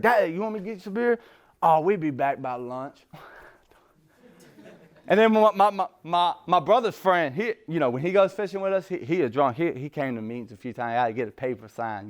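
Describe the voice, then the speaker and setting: A man telling his recovery story in a rambling, casual way, full of street slang. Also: sits high. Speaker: recovery speaker. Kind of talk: personal recovery talk.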